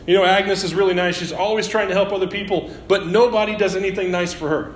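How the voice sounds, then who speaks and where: A man's voice: sits high, fairly even intonation, fast, a little hiss or hum, voice pushed up, close to an everyday voice. A man voicing a kind, enthusiastic middle-aged woman, a diner cook's wife. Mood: delighted. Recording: roomy echo.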